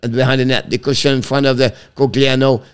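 Excitable man calling hockey. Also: smooth. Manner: rapid clipped calls, pitch jumping sharply on shots. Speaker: hockey play-by-play commentator. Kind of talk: live stream play-by-play commentary.

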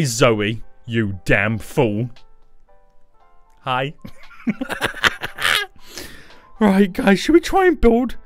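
Excitable male game streamer, dry close voice, faint music behind. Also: sits high, no echo. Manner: excitable, bursts into shouting. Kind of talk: live game stream commentary.

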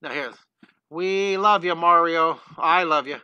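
An older man, a drawing teacher, greeting viewers by name in a live online lesson, excitable and scattered, talking into a headset mic at home. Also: fairly high pitch, unhurried, clear, resonant tone, no room sound, muffled recording. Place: home studio.

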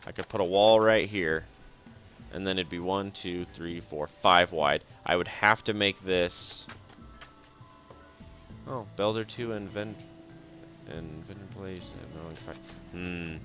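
A man with a fairly low voice streams a strategy game and talks through it in an easy, rambling way. He chuckles often and mutters to himself between moves. Faint game music plays behind him. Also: measured pace, long pauses, fairly bright tone. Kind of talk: casual live gameplay commentary.

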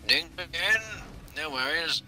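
A man's voice: a little high, animated, a little slow, pushed and bright. A man commentating a tank game in a hammy mock-posh officer manner, swearing often. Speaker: gaming commentator. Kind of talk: mock-posh gameplay banter.

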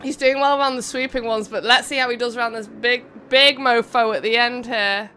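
The young woman streams live race commentary for a racing game, giggling and chatting bubbly with her viewers between calls. She talks fairly quickly in a steady, sharp-toned voice on the high side, with slight background noise.

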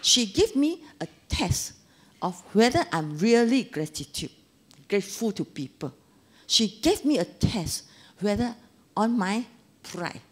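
Animated Singaporean woman in her sixties. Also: mid-range voice. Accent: Singaporean English. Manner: animated storytelling with local slang. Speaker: Dharma speaker. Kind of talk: anecdotal Dharma talk.

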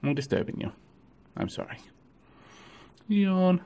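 A man filming a casual vlog of his pet ferrets, cooing to them in gentle baby talk. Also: high-pitched, sing-song, takes it slowly, gravelly. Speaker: vlogger.

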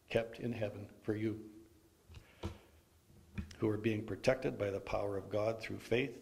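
Guy reading scripture at a funeral, low gravelly voice, leads the psalm. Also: darkish tone. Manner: leads the psalm response, projecting clearly. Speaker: lay reader.

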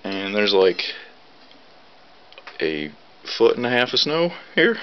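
A young man from North Carolina, out of breath from shoveling, rambling casually to his camera outdoors in deep snow. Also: big pitch swings, slow. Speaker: vlogger. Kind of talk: casual vlog. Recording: dull low-fi camera audio with faint noise.

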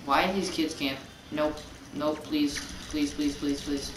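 Excitable man rambling over gameplay. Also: on the high side, takes it slowly. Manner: excitable, repeats himself, rambling. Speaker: gaming channel host. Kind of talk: casual gameplay commentary. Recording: roomy, distant mic, noisy.

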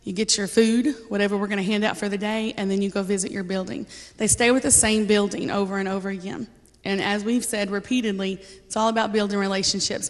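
A woman sharing a personal testimony with a church congregation, speaking casually and earnestly with frequent ums and light laughter. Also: mid-range voice. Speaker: church member giving a testimony. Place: church sanctuary. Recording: reverberant church hall.

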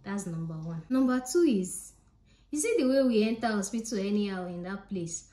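Mellow-voiced Nigerian woman vlogging. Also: medium pitch, lively intonation, moderate pace, reverberant. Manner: chatty and emphatic, repeats points directly to viewers. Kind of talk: casual vlog talk to camera.

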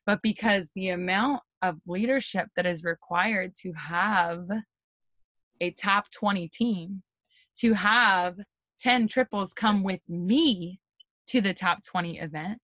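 An energetic woman leads a motivational talk for her team over a video call. She talks in a chatty, excitable way, with lots of "like" and "you guys". Her voice sits at an ordinary pitch and sounds dry and close. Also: takes it slowly, no echo. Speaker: team leader giving a pep talk.

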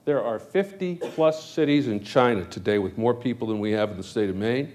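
A man speaks as a candidate at a public forum, giving his closing remarks. His voice sits at an ordinary middle pitch. He drives his argument with emphatic, repeated phrases. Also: moderate pace, darkish tone. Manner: emphatic, repetitive rhetorical build-up. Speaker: gubernatorial candidate. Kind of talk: debate closing statement. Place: forum hall.

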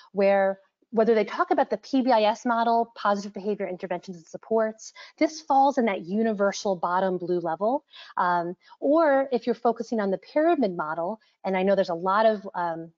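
A woman presenting a webinar as an author, talking earnestly with frequent ums. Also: medium pitch. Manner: earnest, frequent ums, quotes examples in lively voices. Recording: dull lo-fi webinar audio.

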